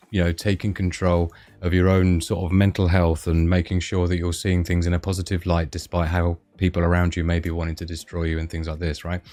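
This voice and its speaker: A low, mellow male voice belongs to a livestream host. He rambles casually through his stream and reads viewer comments aloud.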